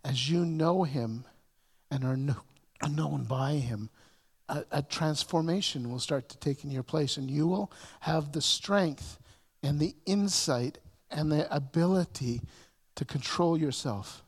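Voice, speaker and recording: A man delivering a sermon in a high, light voice. He stumbles into repeated words, builds to emphatic peaks and then drops soft. The sound carries a long reverb, as from a large church hall. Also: unhurried, slightly rough. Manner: repetitive restarts, rising to emphatic peaks then dropping soft. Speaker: pastor.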